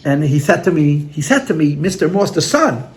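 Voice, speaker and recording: A man whose voice sits on the high side speaks in a sing-song way at a moderate pace, with slight background noise. As a rabbi, he shares stories with a gathering in a heartfelt, earnest manner, repeating words and using Yiddish and Hebrew terms, in a room with listeners.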